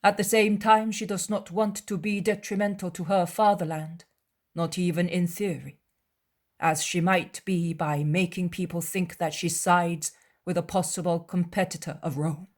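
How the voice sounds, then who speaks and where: A woman voicing a calm, wise male teacher who speaks in a measured, gentle and earnest way in a dramatized audiobook. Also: lowish voice, close to an everyday voice.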